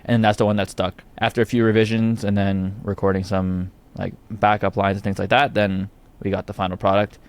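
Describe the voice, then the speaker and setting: A man's voice: fairly low pitch, brisk, few pauses. Laid-back Canadian man with an Ontario accent. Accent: Ontario English. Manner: relaxed, rambling, laughs often. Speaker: guest singer. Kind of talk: casual interview chat.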